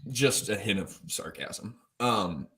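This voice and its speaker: A man's voice: fairly low pitch, lively intonation, slow pace, fairly bright tone. A man co-hosting a casual college football show, joking and rambling while hungover. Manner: joking, rambling, self-mocking. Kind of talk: casual sports chat.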